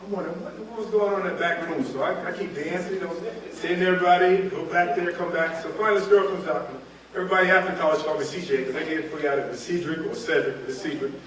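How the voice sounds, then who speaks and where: A man's voice: fairly high pitch, racing. A man in his fifties from North Carolina, telling humorous stories as a keynote speaker at a reunion. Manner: animated, humorous, acts out scenes. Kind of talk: storytelling speech. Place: large hall at a reunion event. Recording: echoey hall, mic far off.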